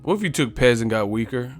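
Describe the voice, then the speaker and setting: A man with a medium-pitched voice hosts a boxing live stream at normal speed, with faint music behind him. Casual, profane, and joking, he reads viewer comments aloud and trash-talks right back at them.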